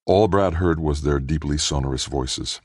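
A man narrating an audiobook in a steady, measured storytelling manner. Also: very deep voice, no room sound, clean studio sound. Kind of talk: scripted narration.

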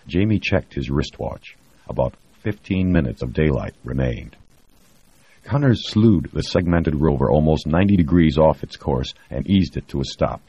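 A man reading a novel aloud in a steady, measured scripted narration. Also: very deep voice, husky. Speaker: audiobook narrator. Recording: dry, dull lo-fi recording.

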